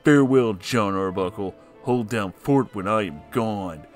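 A man voicing a macho, vengeful cartoon tomcat in a gruff, mock-heroic manner. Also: on the low side, unhurried, soft background music, natural voice. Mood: stern.

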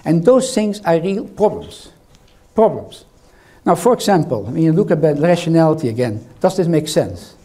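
The speaker is an older man with a foreign accent running an interactive lecture in a hall, joking with and quizzing his listeners. He talks at normal speed in a slightly high, dark-toned voice that is very animated.

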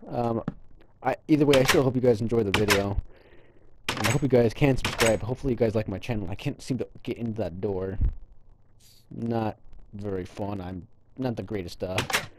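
A man's voice: on the low side, normal speed, long pauses, noisy background. A young man hosting his own gaming channel, talking over gameplay footage in a frustrated, apologetic, rambling way with many restarts.

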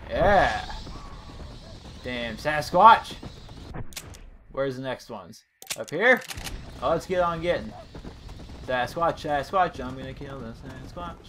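A young man narrates his gameplay in a loose, jokey way and often bursts into excited shouts. His voice sits at an ordinary pitch for a man. Loud game sounds and horse hooves play clearly behind him. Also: takes it slowly, long pauses, background noise. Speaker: gaming commentator. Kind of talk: casual let's-play commentary.

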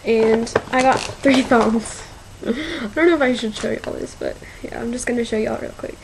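A woman's voice: fairly high pitch, steady tone, vocal fry, background noise. A young woman in her teens rambling through a casual shopping haul video, with lots of fillers and y'all. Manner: slow, rambling, filler-heavy, says y'all. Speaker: vlogger.

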